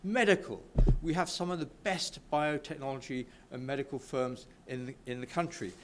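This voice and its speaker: A man from the UK talks to a business crowd with eager enthusiasm, often tripping over his words and starting sentences again. His voice sits at an ordinary middle pitch. A faint background noise runs beneath him. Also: steady tone, moderate pace. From United Kingdom. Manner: enthusiastic, stumbles and restarts often. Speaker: speaker at a business networking event. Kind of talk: informal speech to an audience. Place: event room with a live audience.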